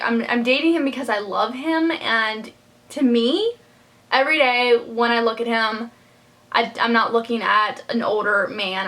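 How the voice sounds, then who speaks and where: A young woman is vlogging about her personal life in a storytime video, her fairly high voice sounding pushed and bright. She's heartfelt and close to tears, rambling along with lots of fillers and restarts.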